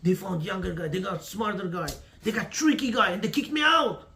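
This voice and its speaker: A man voicing a downcast husband confessing to his wife that he lost his job, low and subdued. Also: very animated, a little fast, vocal fry, background noise, heavily acted. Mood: dejected.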